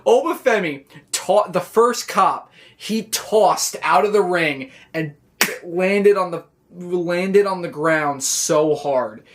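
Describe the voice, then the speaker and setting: A man recapping a wrestling show in a casual, excitable, rambling way, full of "like" and restarts. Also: high-pitched, takes it slowly. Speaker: wrestling reaction vlogger.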